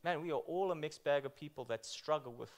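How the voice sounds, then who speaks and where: A man's voice: on the high side, fairly quick. A man preaching a church sermon in a conversational way, often asking the congregation questions and repeating himself as he restarts. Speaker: pastor.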